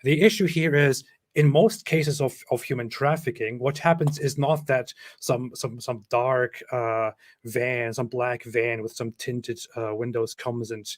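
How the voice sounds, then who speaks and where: A man's voice: mid-range voice, steady tone, a little slow. Man with a German accent explaining. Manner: explanatory, walking through a chart. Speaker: co-host. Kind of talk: casual online discussion.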